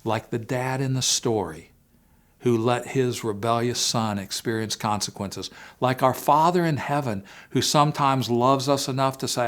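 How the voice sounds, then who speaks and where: A man speaking to parents in a faith-based family talk, telling a personal story earnestly and swinging between hushed and emphatic moments. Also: medium pitch, animated, normal speed. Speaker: Christian family-series speaker.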